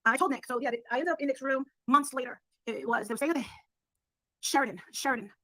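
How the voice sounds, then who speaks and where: Fast, bright-voiced woman telling stories. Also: high voice, no room sound, rough recording. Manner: profane, excitable, acts out others' lines. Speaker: storyteller recounting past events. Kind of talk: animated casual storytelling.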